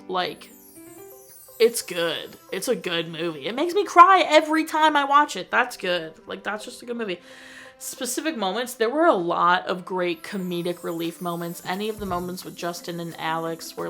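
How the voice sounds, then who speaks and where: A young woman casually gushing about a movie she reviews, full of slang, quoting scenes in lively put-on voices. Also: fairly low pitch.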